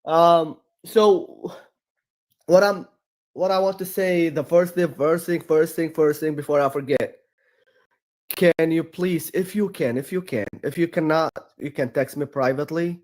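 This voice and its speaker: A man from Iraq with an Iraqi accent appears as a guest on a livestream, chatting casually in a debate-stream setting. His voice is on the high side and darkish, with fairly even intonation and an unhurried pace. He tells stories emphatically and repetitively, often restarting his phrases.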